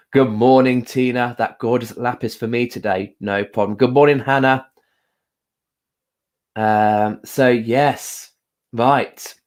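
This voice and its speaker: Gently and with frequent pauses and fillers, a mid-range-voiced man chats on his casual live stream, welcoming viewers by name. Card reading is part of the session.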